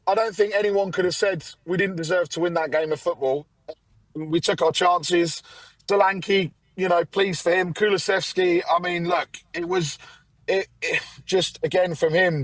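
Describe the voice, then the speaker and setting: A man's voice: high voice, steady tone, normal speed, a bit bright, dry recording, low-quality recording. A man from England calling in by phone from the roadside after a match, chatting about football with jokey, mock-outraged banter. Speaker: fan show regular calling in. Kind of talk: casual football chat.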